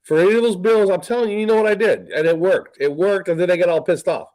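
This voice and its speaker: A man's voice: high voice, fast talker, darkish tone, low-quality recording. A man in casual chat, insistent, repeating his phrases as he explains.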